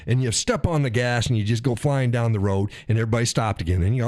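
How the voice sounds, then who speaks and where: Fast and with few pauses, a mid-range male voice drives a casual political rant on the speaker's own live stream, profane and animated as he voices frustrated drivers. Studio quality, no echo.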